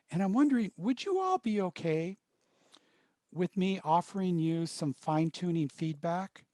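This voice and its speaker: Slow, measured male workshop trainer. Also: a little high, mellow, no echo. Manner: slow, measured, coaching delivery. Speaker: workshop facilitator. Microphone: video call.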